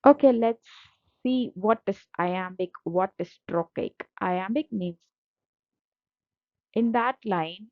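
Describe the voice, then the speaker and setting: Slow-talking woman teacher. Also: medium pitch, dry recording. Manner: repetitive, patient explaining with frequent fillers. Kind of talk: explaining slides in a lecture. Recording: dull lo-fi dry audio.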